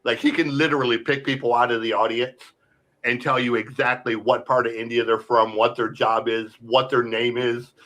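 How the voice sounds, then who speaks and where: A man chatting on a podcast, rambling and swearing as he gets excited about comedians. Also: mid-range voice, moderate pace, rough recording. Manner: rambling, enthusiastic, swears and says bro. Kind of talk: casual podcast chat.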